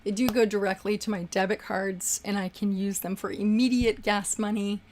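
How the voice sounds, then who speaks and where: A woman's voice: mid-range voice, steady tone, normal speed, a little mellow, slight background noise. A young woman hosting a casual livestream, chatting and effusively thanking viewers for their super chats.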